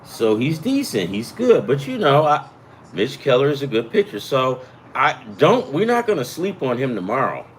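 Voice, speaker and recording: A man's voice: medium pitch, huge pitch swings, moderate pace, slight background noise. A man hosting a casual sports betting chat, rambling and profane, with self-deprecating asides. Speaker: sports betting picks host.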